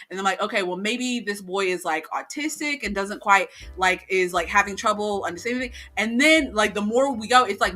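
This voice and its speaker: A woman's voice: mid-range voice, a little fast, few pauses, soft background music. A woman co-hosting a casual chat podcast, retelling a story with lots of fillers and acted-out quotes. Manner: animated storytelling, acting out quotes. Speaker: podcast co-host.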